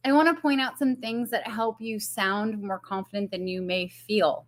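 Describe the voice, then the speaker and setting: A woman's voice: mid-range voice, fairly even intonation, normal speed, few pauses. A woman business coach giving a casual live-streamed talk, chatty with fillers and frequent laughs.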